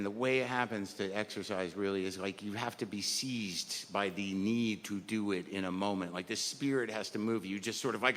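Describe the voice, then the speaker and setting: A man's voice: fairly low pitch, a bit bright. A man in his fifties performing a rambling, self-deprecating stand-up routine, acting out his inner voices. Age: 50s. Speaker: stand-up comedian. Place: comedy stage before a live audience. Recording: live stage mic in a large hall, audience noise.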